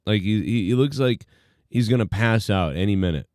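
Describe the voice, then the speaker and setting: A man's voice: on the low side, lively intonation, moderate pace, darkish tone, no room sound, studio quality. A man hosting a live stream, giving casual, rambling commentary full of fillers.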